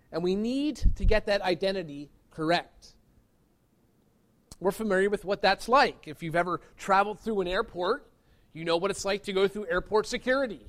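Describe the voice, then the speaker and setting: A man preaching a sermon as pastor, earnest and emphatic, pressing his points with rising stresses. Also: high voice.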